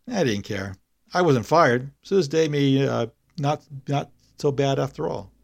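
Gravelly guy on a podcast, rambling, lots of ums, dry close sound. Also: mid-range voice, a little slow, darkish tone, no room sound. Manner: rambling, many fillers and restarts. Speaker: podcast host and author. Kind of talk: story reading and casual chat.

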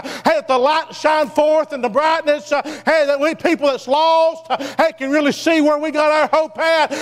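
A man preaches in a voice pitched strikingly high, fervent and punctuated by constant "uh, hey" asides as he climbs toward shouting. His words ring out with a long reverberant tail from the church around him. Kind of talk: sermon.

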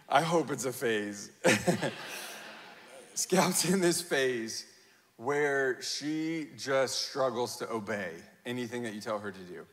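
A pastor in his thirties delivers a sermon in a bright, forceful mid-range voice that echoes with long reverb through a large hall. He speaks very slowly with long pauses, yet tells stories with animated energy, acting out quotes and laughing at himself.

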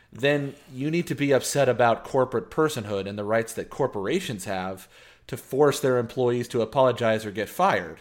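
A man in casual podcast chat, talking animatedly with lots of fillers, swearing and laughs. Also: mid-range voice. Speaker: podcast co-host.

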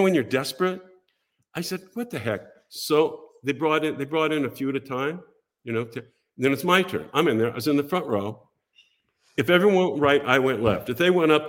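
An older man spins an anecdote for a podcast, with a widely swinging, expressive pitch. He slips into the lines of other people as he goes, a practiced storyteller on a chat show. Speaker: podcast guest. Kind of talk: animated anecdote telling.

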